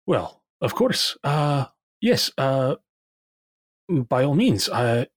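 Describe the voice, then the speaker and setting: A man narrating a tabletop game as game master, halting with many fillers. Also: medium pitch, sing-song, husky, no room sound, clean studio sound.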